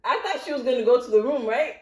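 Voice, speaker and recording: A woman telling a childhood story in casual chat, animated and laughing, acting out voices. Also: on the high side, fast talker. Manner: animated, laughing, acts out voices in her stories. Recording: roomy echo.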